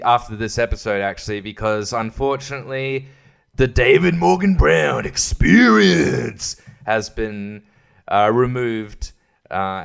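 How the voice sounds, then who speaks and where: A man's voice: mid-range voice, vocal fry, fairly bright tone, clean tone. A young man hosting a rambling solo podcast, sarcastic and full of fillers. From Australia. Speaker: podcast host.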